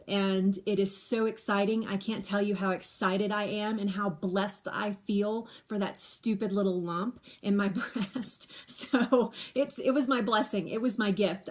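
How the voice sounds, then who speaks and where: A middle-aged woman speaks directly to her audience during a laid-back live stream, her voice sitting in an ordinary middle range. As a livestream host fielding viewer questions in a casual Q&A monologue, she comes across as candid and talkative, repeating words for emphasis and frequently starting sentences over. The sound comes from a phone or webcam.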